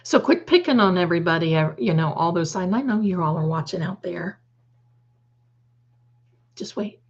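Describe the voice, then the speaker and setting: A chatty woman with a fairly low voice hosts a casual livestream, reading the chat aloud and calling her viewers darling. She drifts into snarky, opinionated asides. The audio is dull and lo-fi. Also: expressive, fast. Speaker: livestream host.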